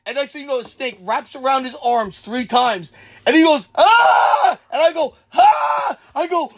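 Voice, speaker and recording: A young man with a husky voice telling a rowdy story in casual chat, swearing freely and shouting out the quoted lines. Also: very high voice, a little fast. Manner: animated, swears a lot, shouts when acting out quotes.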